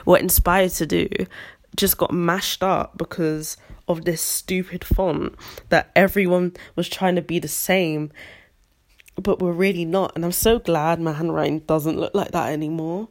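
A woman's voice: fairly low pitch, measured pace. A young woman telling a story in a casual podcast, ranting and acting out the people she quotes. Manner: animated, acts out quoted voices, ranty. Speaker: podcast host.

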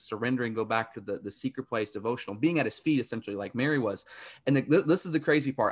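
A man hosting a faith podcast, reacting to his guest and then encouraging his listeners with enthusiastic, preachy commentary. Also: medium pitch. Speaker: podcast host.

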